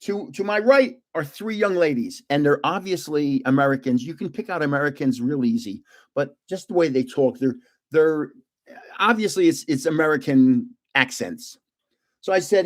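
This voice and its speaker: Older New man, rambling and high-voiced. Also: lively intonation, moderate pace. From New Jersey. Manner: rambling, with frequent restarts and trailing asides. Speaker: live stream host. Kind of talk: casual storytelling.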